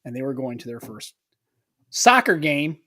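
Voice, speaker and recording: A man guest on a podcast telling a story, animated and swearing, acting out the people he quotes. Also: medium pitch, moderate pace. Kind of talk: casual storytelling.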